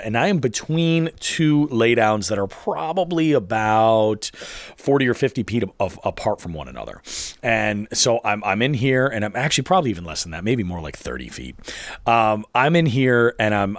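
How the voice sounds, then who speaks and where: A man's voice: mid-range voice, a bit bright, no echo, studio quality. A man co-hosting a fishing podcast, telling a story in a rambling way and often stopping to correct himself. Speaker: podcast co-host. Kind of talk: casual podcast chat.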